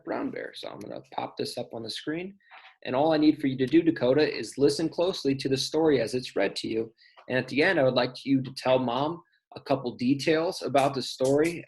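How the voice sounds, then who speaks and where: A man's voice: mid-range voice, darkish tone, poor audio. A male teacher recording patient, step-by-step instructions for a parent and child in a remote lesson.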